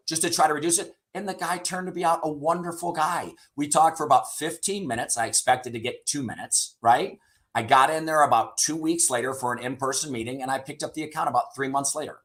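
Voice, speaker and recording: Speaking fast at a medium pitch, this middle-aged sales leader has a somewhat bright voice as he guests on an interview show. His talk is candid storytelling, dotted with casual swearing and frequent "right?" tags at the end of his points.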